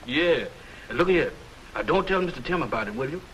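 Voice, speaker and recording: A drawling, eager comic helper in a 1940s film comedy. His voice sits high and swoops widely, with a bright, ringing edge, and there is faint hiss behind it. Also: animated, moderate pace, rough recording. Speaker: bookie's errand man.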